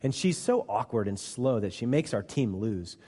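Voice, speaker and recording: A man voicing a young ewe who gets easily annoyed, read from a storybook in a low, dark, mellow voice. The voice rings with the long reverb of a church hall. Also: animated, normal speed, breathy edge. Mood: irritated. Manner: read-aloud storybook voice, mostly soft. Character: young female sheep, easily annoyed, then humbled.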